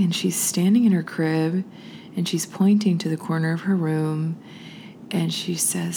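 A woman in her thirties tells a personal story as a podcast host, her voice sitting low and unhurried. She slips into a hushed near-whisper whenever the story turns tense. A faint hum of ambience runs under the recording. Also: level tone, vocal fry.

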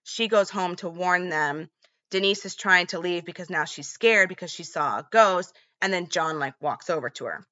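A woman's voice: fairly low pitch, normal speed, sharp tone, dull audio. A woman casually retelling a movie's plot in a chatty vlog, with lots of fillers. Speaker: movie recap vlogger.

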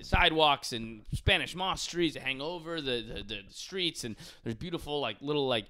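A man's voice: fairly high pitch, animated, moderate pace, pushed and bright. A young man on a podcast, chatting casually and animatedly, swearing often and saying "dude" a lot.

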